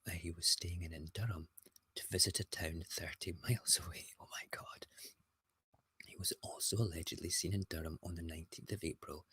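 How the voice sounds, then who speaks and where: A man with a low, slightly rough voice and a sharp tone hosts a casual morning show, reading newspaper headlines aloud and mocking them in a gleeful rant. The recording has no echo.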